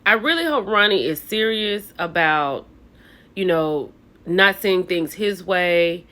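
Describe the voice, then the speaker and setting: A woman's voice: fairly low pitch, sharp tone. A woman hosting a casual reality TV recap, chatty and opinionated, talking straight to her viewers.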